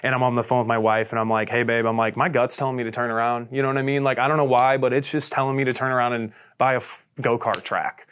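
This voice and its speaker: A man from Missouri chats as a podcast guest in a loose, easygoing way. He swears freely and fills his talk with "dude" and "you know what I mean." His voice sits at an ordinary middle pitch. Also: flat delivery, fast, few pauses, a bit bright, clear, resonant tone. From St. Charles, Missouri, US. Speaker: guest, business owner. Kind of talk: casual storytelling chat.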